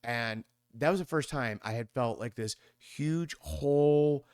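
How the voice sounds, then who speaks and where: Animated storyteller man in his fifties. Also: a little slow, smooth, no room sound, clean studio sound. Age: 50s. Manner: animated, acting out other people's voices with sudden high squeaks; rambling with many restarts and fillers. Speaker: podcast guest. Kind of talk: conversational storytelling.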